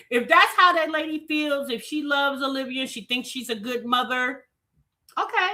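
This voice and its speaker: A woman's voice: high voice, moderate pace, pushed and bright. A woman hosting a commentary show, talking bluntly and casually in slangy chat about online drama.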